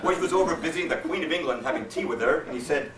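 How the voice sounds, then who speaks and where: A man doing a stand-up routine, telling jokes with deadpan setups and quoted character voices. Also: a little high, fast talker, slight background noise. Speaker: stand-up comedian. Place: hotel meeting room. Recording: echoey hall from far off. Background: audience laughter.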